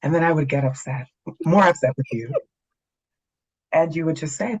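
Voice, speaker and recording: A woman's voice: low-pitched, normal speed, breathy edge, low-quality recording. A middle-aged woman from Canada, speaking as a guest in a casual conversation, candid and dryly funny. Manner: candid, dry humor.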